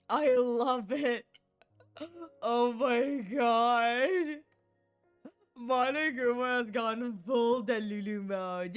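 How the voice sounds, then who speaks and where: A woman's voice: high-pitched, smooth. A woman streaming a game, laughing hard and squealing through casual commentary.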